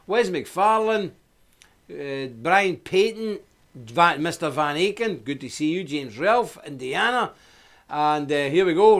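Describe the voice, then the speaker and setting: A middle-aged man with a lilt hosts a casual live stream. He talks in an easy, rambling way, greeting people by name and laughing at his own jokes. His voice sits a little higher than most men's. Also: fairly bright tone.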